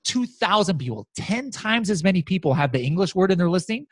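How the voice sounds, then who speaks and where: American man, upbeat software demo voice, fairly high pitch, no room echo. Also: a little fast. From United States. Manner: animated, excited, many fillers and restarts. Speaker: guest software expert. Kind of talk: casual screen-share walkthrough.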